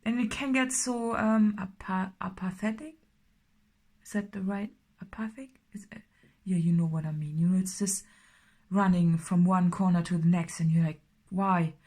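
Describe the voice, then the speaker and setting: A woman with a somewhat low voice gives a casual tarot reading. She rambles, fills pauses with "you know" and "uh", and now and then drops to a soft whisper. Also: steady tone. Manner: rambling, many fillers, slips into soft whispers. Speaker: tarot reader.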